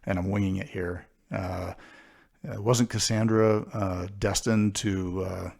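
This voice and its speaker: Gravelly low-voiced podcast co-host. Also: male voice, fairly even intonation, a little mellow. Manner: hesitant questioner, filling pauses with "uh". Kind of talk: casual podcast talk.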